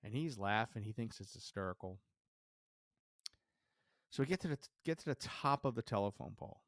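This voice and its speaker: A man hosting a podcast, telling a personal story in a lively way and acting out the dialogue he remembers. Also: medium pitch, brisk, no echo, clean studio sound. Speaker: podcast host.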